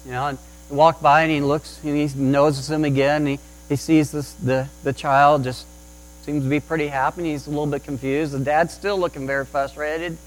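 A man's voice: a little high, little pitch movement, normal speed, rough recording. A man preaching a sermon about parenting, telling a story with frequent restarts and repeated words. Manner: restarts often, tells anecdotes with acted quotes. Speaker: pastor.

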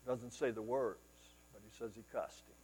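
A male preacher delivering a sermon, retelling scripture as dramatic storytelling, rising to loud exclamations and dropping to hushed asides. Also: medium pitch, steady tone, normal speed, long reverb tail, slight background noise, poor audio.

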